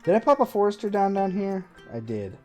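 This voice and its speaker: A man with a mellow, warm voice talks through a game on a live stream. His commentary is casual and running, full of dry, self-mocking sarcasm. Faint game music plays underneath. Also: sits high, very animated, fairly quick.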